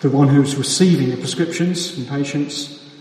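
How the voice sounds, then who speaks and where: A man preaching a sermon with a measured, deliberate delivery and emphatic pauses, heard in a church hall. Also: medium pitch, darkish tone. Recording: echoey hall from far off.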